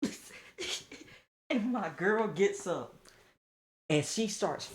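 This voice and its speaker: A man telling a casual storytime, jumping to high squeals of disbelief and dropping to low mutters, laughing through it. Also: lively intonation, takes it slowly, a little hiss or hum. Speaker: storyteller vlogger.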